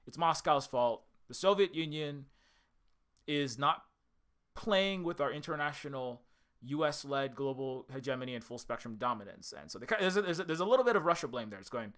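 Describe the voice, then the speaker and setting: A man's voice: mid-range voice, expressive, brisk, a bit bright. A man from the United States giving a casual, rambling commentary on an old film, often stopping to correct himself and restart his sentences. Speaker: indie game developer and channel host.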